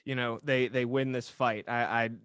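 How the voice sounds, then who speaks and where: A man from Northern Virginia co-hosting a podcast, talking in a measured way with frequent restarts. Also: medium pitch, level tone, a bit bright, smooth, no echo, clean studio sound. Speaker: podcast co-host. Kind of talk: casual podcast chat.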